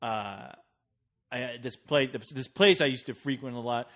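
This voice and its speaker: A man's voice: medium pitch, measured pace, a bit bright. A man co-hosting a podcast, riffing on jokes and laughing often in casual chat. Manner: joking riffs, laughs a lot. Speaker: podcast co-host.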